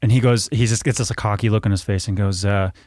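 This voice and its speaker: A man's voice: on the low side, steady tone, fast talker, darkish tone, dry recording. A man in his thirties, a podcast guest telling a casual story with lots of restarts and self-corrections. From United States.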